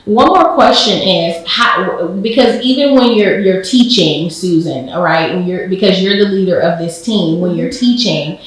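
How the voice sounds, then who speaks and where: A woman on a panel asking a long question, halting and restarting as she goes. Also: on the low side. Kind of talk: casual panel talk. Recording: echoey room, mic far off.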